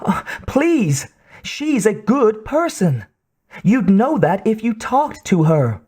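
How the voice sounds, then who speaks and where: A man voicing a nervous young male scientist who pleads in a high, breathless voice. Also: wildly swooping pitch, very slow, a little mellow, breathy edge, exaggerated voice. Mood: pleading.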